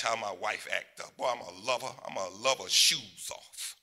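A pastor in his sixties preaching a sermon in a conversational way, dropping to quiet asides and rising to loud, high exclamations. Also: normal speed. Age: 60s.

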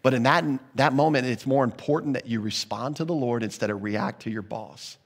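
A man's voice: medium pitch, brisk, vocal fry, big-room sound. A man preaching a sermon as pastor, earnest and conversational, often restarting his sentences mid-thought.

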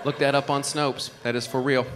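A male stand-up comedian telling a story with lively, animated delivery and laughing asides. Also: mid-range voice, fairly quick, very noisy. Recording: live club recording.

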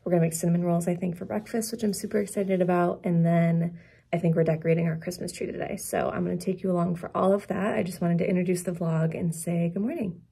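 A woman's voice: fairly low pitch, steady tone, fast talker, vocal fry, mellow, husky. A young woman from Syracuse, New York, chatting in an upbeat, casual vlog at her parents' house on a handheld camera. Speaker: vlogger.

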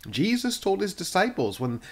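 A man's voice: sits high, very animated, moderate pace. Earnest male pastor giving a devotional. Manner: earnest, plain-spoken, with many restarts. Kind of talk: devotional sermon.

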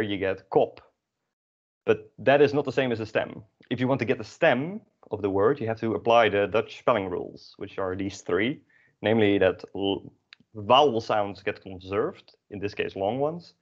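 A man's voice: on the low side, muffled recording. A man teaching an online language class in a casual, self-mocking way, with many fillers.

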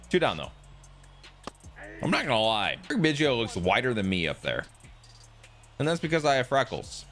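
A young man giving casual, excitable commentary on his own gameplay, jumping between loud outbursts and muttered self-deprecating asides. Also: medium pitch. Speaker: gaming YouTuber.

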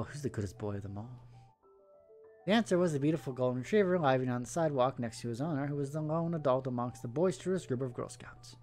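A man's voice: medium pitch, darkish tone. A man reading a story aloud, slipping in casual asides between the narration. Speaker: story reader.

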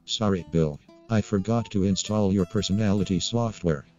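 Cartoon short: man as a low, mellow-voiced non-human inventor, foul-mouthed, blunt, grieving and vengeful. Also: normal speed, dull audio, soft background music, lightly acted. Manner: cursing, blunt and agitated. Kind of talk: indie animated short film acting.

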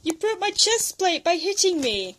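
A giggly woman chatting as she plays a game, her voice pitched high and leaping around with lots of expression. She keeps breaking into laughter between casual remarks. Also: big pitch swings, normal speed, fairly bright tone. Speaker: host. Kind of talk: casual gameplay chat.

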